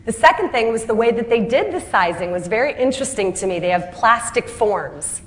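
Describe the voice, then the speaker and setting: A woman founder telling her story in a speech, lively and self-deprecating, acting out the voices of the people she quotes and laughing at her own punchlines. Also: on the high side, a little fast.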